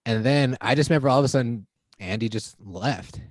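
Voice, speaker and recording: A man's voice: mid-range voice, brisk, dry recording. Chatty co-host man, dry sound. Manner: chatty, laughs often, acts out reactions. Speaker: podcast co-host. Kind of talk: casual chat.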